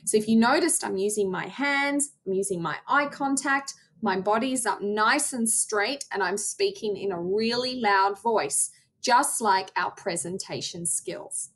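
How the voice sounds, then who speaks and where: A woman's voice: medium pitch, measured pace, few pauses, fairly bright tone. A woman teaching theatre arts to young children in a recorded lesson, enunciating carefully as she demonstrates.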